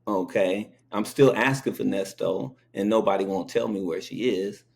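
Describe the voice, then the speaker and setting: A man's voice: lowish voice, moderate pace, vocal fry, darkish tone. A man hosting an interview in casual chat, telling stories animatedly and acting out the quotes. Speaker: interview host.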